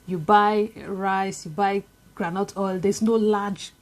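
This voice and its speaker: A woman's voice: medium pitch, fairly even intonation, slow pace. A young woman with a Nigerian accent, chatting casually to camera in a vlog, with many fillers and repetitions. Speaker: vlogger.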